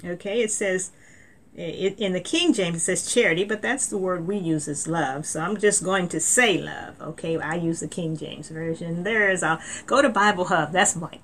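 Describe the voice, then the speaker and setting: A woman's voice: fairly low pitch, fairly bright tone, slight background noise. A woman preaching a sermon in an earnest tone, often repeating words and reading scripture aloud.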